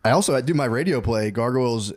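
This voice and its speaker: A man's voice: mid-range voice, animated, quick pace, a crowd in the background. A man co-hosting a podcast in casual chat, telling rambling, self-mocking stories. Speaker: podcast co-host.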